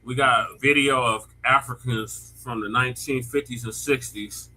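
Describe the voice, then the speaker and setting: A man's voice: mid-range voice, fairly even intonation, moderate pace, pushed and bright, poor audio. A man on a casual panel, dropping terse and dismissive remarks.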